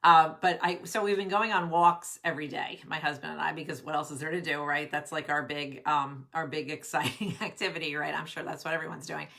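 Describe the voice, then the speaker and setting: A woman's voice: low voice, steady tone, brisk, vocal fry, few pauses, sharp tone. A middle-aged woman coaching careers on a casual live stream, bubbly and chatty, greeting viewers by name. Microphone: webcam at desk.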